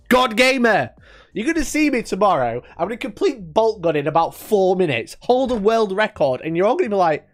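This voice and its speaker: A man's voice: sits high, sing-song, brisk, faint music behind. Guy streaming, swears a lot, fake angry at chat, voice goes all over the place. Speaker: live-stream host. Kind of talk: casual live-stream chat.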